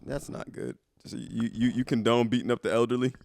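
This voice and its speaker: A man's voice: mid-range voice, flat delivery, a little fast, a little mellow. A man co-hosting a podcast in casual chat, teasing and profane, giving blunt advice and laughing often. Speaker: podcast co-host.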